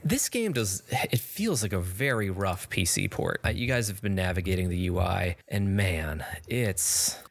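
A man's voice: deep voice, moderate pace, hardly any pauses. A man co-hosting a podcast, casually and wryly complaining about a video game and laughing often. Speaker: podcast co-host.

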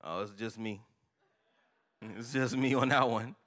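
A man's voice: mid-range voice, steady tone, a little slow, fairly bright tone. A man preaching a sermon, asking the congregation to finish his sentences. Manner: preachy call-and-response, asks the congregation to finish lines. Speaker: pastor.

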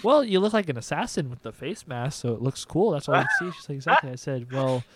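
A man's voice: on the high side, very animated, fast talker, noisy background. A young man, a podcast co-host telling a story in casual chat and acting out both sides of the conversation.

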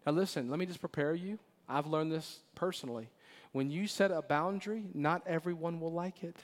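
In the long-reverberating hall of a church sanctuary, a pastor in his forties gives a sermon with a slightly high voice and a slightly fast pace. His storytelling is lively and punctuated by laughter, alternating loud and soft, earnest moments.

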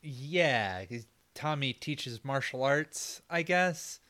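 A man co-hosting a casual movie podcast recaps the plot slowly in a mid-range, bright, forceful voice with lively intonation. He rambles loosely, laughing and swearing freely.

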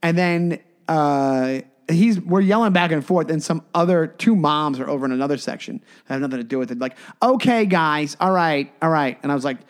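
Podcast co-host, male, slightly high voice, animated storyteller who acts out dialogue. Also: a little fast, hardly any pauses. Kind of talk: casual storytelling chat.

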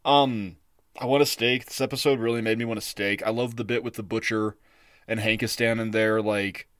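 A man co-hosting a podcast in a rambling, casual chat style, full of fillers and quick laughs. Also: on the low side, steady tone, a bit bright, clear, resonant tone, no room sound, studio quality. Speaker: podcast co-host.

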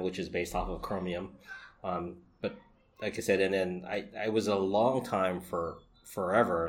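A man co-hosting a podcast, asking questions and repeating himself as he thinks. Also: deep voice. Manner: asks questions, repeats words while thinking. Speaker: podcast co-host. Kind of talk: casual tech chat.

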